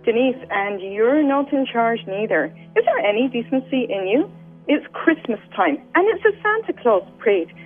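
A woman's voice: fairly high pitch, sing-song, normal speed, breathy edge. A Scottish woman on a phone line, reading the part of a scolding, self-righteous woman commenter. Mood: indignant. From Scotland. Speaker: volunteer voice actor. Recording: tinny phone line with faint music.

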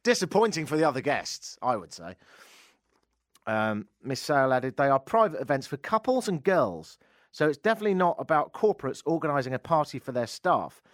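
A man with a slightly high, sing-song voice talks briskly on a dry recording. He hosts a radio talk show from a studio microphone, reading odd news stories and cutting in with sarcastic, jokey asides.

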